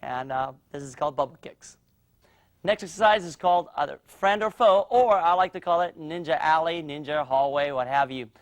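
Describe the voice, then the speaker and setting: A man teaching a martial arts class for young children, explaining drills and loudly cheering the kids on. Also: fairly high pitch, moderate pace. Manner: energetic, coaching and cheering children on. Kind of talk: instructional demo with kids.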